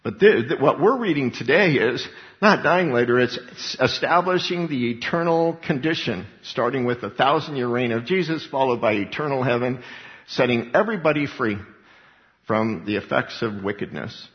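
A man preaching a sermon, animated, acting out voices as he reads and explains scripture. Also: mid-range voice, moderate pace. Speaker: pastor. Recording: long hall reverb, dull lo-fi sound.

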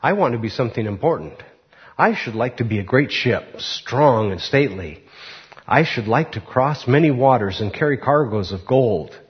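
A man's voice: mid-range voice, animated, moderate pace, natural voice. A man voicing an ambitious young tree that longs for grandeur, in a storybook reading. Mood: proud. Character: ambitious young tree wanting to be a great ship. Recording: muffled recording.

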